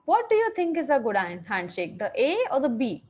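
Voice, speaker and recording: Woman, teacher, high voice, animated, questions and praises the class, video call. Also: fairly quick, lo-fi sound. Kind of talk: online class for children.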